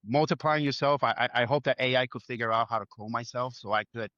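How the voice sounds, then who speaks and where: A man's voice: mid-range voice, fast talker, fairly bright tone, dry recording, dull audio. A man, a chef, speaking earnestly in an interview, building his points in short lists. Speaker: chef guest. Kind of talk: reflective interview talk.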